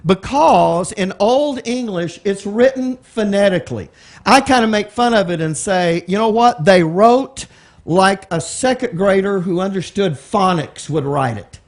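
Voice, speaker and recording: High-voiced man teaching a Bible class. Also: animated, measured pace. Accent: Texan. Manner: conversational, explains word by word, asks the room questions.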